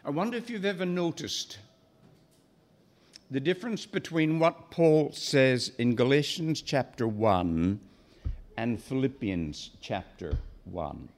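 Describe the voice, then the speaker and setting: A man preaching an expository sermon, deliberate and emphatic, slowing down to stress key phrases. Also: medium pitch, sing-song, darkish tone.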